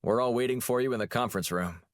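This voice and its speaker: A man's voice: mid-range voice, quick pace, no room sound, clean studio sound, voice pushed up, lightly acted. A man voicing a wry, confident male special agent.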